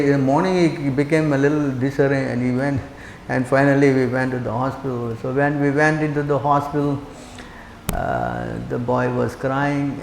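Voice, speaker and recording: Older man preaching in an echoey hall. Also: mid-range voice. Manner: animated, acts out quoted speech, fires rhetorical questions. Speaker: monk lecturing on scripture. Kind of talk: sermon with storytelling. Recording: echoey hall with faint background noise.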